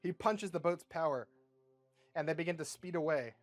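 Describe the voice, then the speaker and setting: A man narrates his own comic script in a casual, offhand way, with the odd swear slipped in. His voice sits slightly high, and he reads the action lines at an easy pace. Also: moderate pace, soft background music. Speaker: YouTube creator. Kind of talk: reading a self-written comic script aloud.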